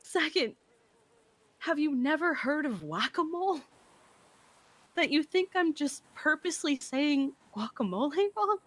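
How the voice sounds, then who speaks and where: Woman with a high voice, dry close sound, tells stories all animated and swears a lot. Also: measured pace, pauses often, no room sound. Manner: animated storyteller, swears freely. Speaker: roleplay player. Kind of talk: casual in-character chat.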